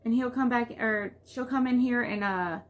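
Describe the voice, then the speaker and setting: Rambling, venting mom vlogger. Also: female voice, fairly high pitch, moderate pace. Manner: rambling, venting, heavy use of "like". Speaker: vlogger and mother. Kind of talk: casual confessional vlog talk.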